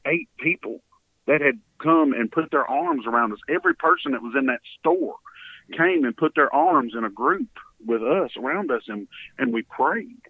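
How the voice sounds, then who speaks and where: An earnest Texan man tells a heartfelt story, his pitch rising and falling a great deal. His voice has a gravelly edge. It comes through a dry, tinny phone line. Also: no echo. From Texas. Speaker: guest, hurricane relief volunteer. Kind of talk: storytelling in an interview.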